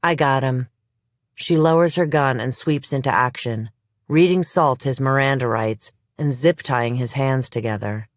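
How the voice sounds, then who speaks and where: An audiobook narrator reading a crime thriller in measured, even storytelling, close to the mic. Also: medium pitch, dry recording. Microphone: close studio mic.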